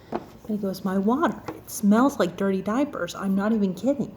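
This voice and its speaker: A woman telling a story casually, acting out other people's lines in an animated and self-mocking way. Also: mid-range voice, fairly quick, slight background noise.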